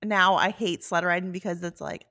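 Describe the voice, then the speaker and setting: A woman podcast co-host chatting casually, laughing easily and reacting warmly. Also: lowish voice, steady tone, moderate pace, dry recording. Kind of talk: casual chat.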